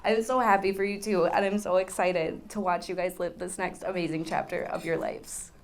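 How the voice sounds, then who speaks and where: A woman's voice: lowish voice, level tone, normal speed. Woman, tearful laughing toast, faint noise behind. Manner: emotional, laughing, holding back tears. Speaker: groom's sister giving a toast. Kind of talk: wedding toast.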